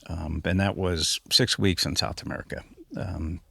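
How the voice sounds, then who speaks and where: A man's voice: low-pitched, steady tone, normal speed, vocal fry, pushed and bright, slightly rough, no room sound, clean studio sound. A man talking as a podcast guest in casual conversation, rambling with many fillers and restarts.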